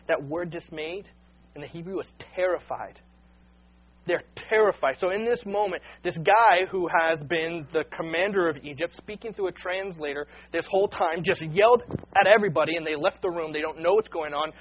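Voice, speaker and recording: A man preaching a sermon with earnest, unpolished delivery, often doubling back on his first words. His voice sits a little high and sounds husky. The recording is dull and lo-fi. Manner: earnest, repeats words when starting sentences. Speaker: pastor.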